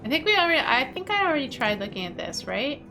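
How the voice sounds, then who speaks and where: A woman's voice: high voice, sing-song, fast, sharp tone, faint music behind. A woman streamer casually chatting and reacting aloud as she plays a video game. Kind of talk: casual gameplay commentary.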